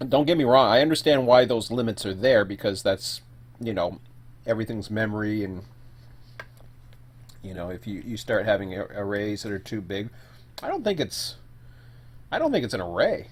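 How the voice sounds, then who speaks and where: This streamer's voice sits on the low side, with lively intonation, a moderate pace, and long pauses. Alone on his live stream, he talks casually, musing aloud with fillers and self-corrections, sometimes between bites of food.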